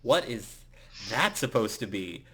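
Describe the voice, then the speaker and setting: A man's voice: on the low side, sing-song, a little slow, pushed and bright, slight background noise, full character voice. A man voicing a cocky, smug young male bully in a tabletop role-play, talking in a mocking, taunting way.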